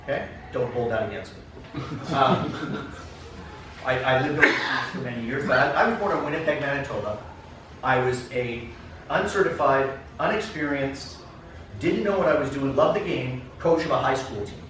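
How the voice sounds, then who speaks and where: A man's voice: mid-range voice, normal speed, a bit bright. Man from Canada, keynote speaker, anecdotal talk, addresses the room, heavy echo, noisy. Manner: storytelling, acts out dialogue, addresses audience directly. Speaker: keynote speaker, soccer coach. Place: conference classroom. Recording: very echoey room, distant, noisy.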